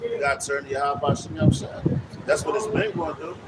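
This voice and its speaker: A man's voice: fairly high pitch, animated, brisk, recorded from a distance. A man preaching in an emphatic, slangy way during a street ministry discussion, often calling the listener "man" and "bro". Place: city street outdoors. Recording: loud street traffic, voice off-mic. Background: traffic noise.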